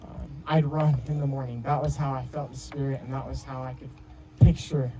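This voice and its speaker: Warm in tone but flat in delivery, this medium-pitched young man talks fairly quickly on a rough recording with a little hiss or hum. In his twenties and speaking as the groom, he gives an emotional wedding speech, rambling through stories with lots of restarts and fillers.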